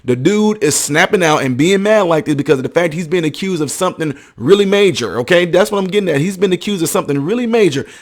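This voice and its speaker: A man's voice: high voice, animated, fast, hardly any pauses. A man hosting a commentary video, talking emphatically, acting out quotes and checking that listeners follow him. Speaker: ministry counselor.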